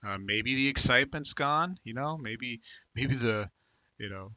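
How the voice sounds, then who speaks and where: Bright, dry-sounding rambling livestream host. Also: male voice, mid-range voice, measured pace, no echo. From United States. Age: 30s. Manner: rambling, filler-heavy, talks to viewers by name. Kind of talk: casual live chat reading comments.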